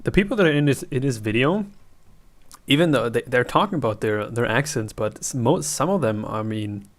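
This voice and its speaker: A man's voice: medium pitch, lively intonation, a little fast. German-accented man reacting casually. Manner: chatty, thinking aloud with restarts. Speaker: reaction video host.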